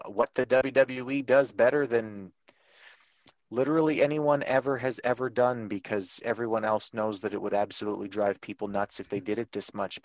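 A man's voice: medium pitch, dry recording. A man from Ontario with a Canadian accent, co-hosting a casual wrestling podcast and recapping the show with an easygoing, laughing manner. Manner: easygoing, laughs often, loose fillers. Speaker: podcast co-host.

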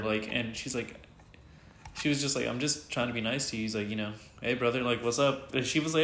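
A man telling a heated story in casual chat, animated and swearing, acting out what others said. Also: mid-range voice, fast, echoey room, slight background noise. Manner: animated retelling, swears freely, quotes others in voices.

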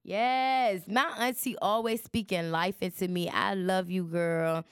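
A woman's voice: medium pitch, steady tone, measured pace, smooth, no room sound, clean studio sound. A woman hosting her podcast in a chatty, preachy way, talking straight to her listeners. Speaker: podcast host. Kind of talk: casual chat.

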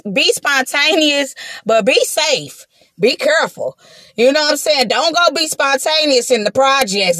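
A woman telling a story straight to her viewers in a casual, animated way, swearing freely and acting out what she said at the time. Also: high-pitched, no echo, clean studio sound. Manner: animated, profane, acts out her own quotes; talks straight to the audience with slangy asides.

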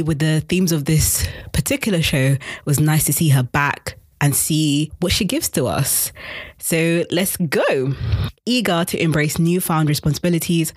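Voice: medium pitch, no echo, clean studio sound. A speaker giving a casual, chatty episode recap, gushing and laughing often. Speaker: TV episode reviewer.

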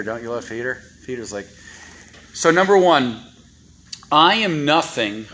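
Bright-voiced man preaching a sermon. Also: mid-range voice, slight background noise, poor audio. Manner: conversational, rhetorical questions to congregation. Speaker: guest preacher. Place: church. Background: congregation responses.

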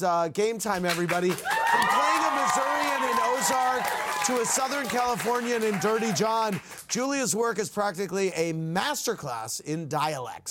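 Brisk male talk show host. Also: high voice. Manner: brisk, reads viewer questions. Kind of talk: hosting a late-night talk show.

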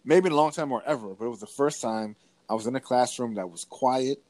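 Man, podcast co-host, casual chat, animated storytelling, restarts, mid pitch, dry sound. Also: a little fast, no echo. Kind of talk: casual conversation.

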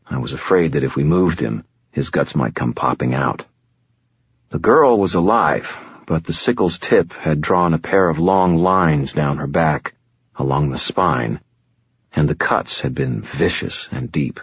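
Male audiobook narrator: steady and grim, dry close sound, slightly dull lo-fi quality. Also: a bass voice, a little slow, husky, dry recording. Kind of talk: first-person audiobook narration.

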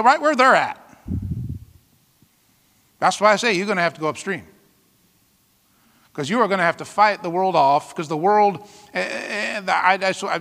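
A man's voice: high-pitched, pushed and bright, long reverb tail. A man preaching a sermon as pastor, emphatic, with dramatic exclamations and rhetorical questions to the congregation.

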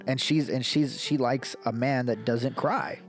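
A man's voice: medium pitch, fairly even intonation, measured pace, faint music behind. A man co-hosting a casual comedy podcast, swearing freely, laughing often and reading stories aloud. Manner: profane, laid-back, laughs often.

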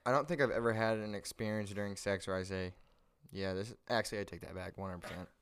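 A man's voice: lowish voice, steady tone, quick pace, fairly bright tone, clear, resonant tone. A young man chatting casually on a podcast. He teases the others with wisecracks and laughs a lot. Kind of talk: casual chat.

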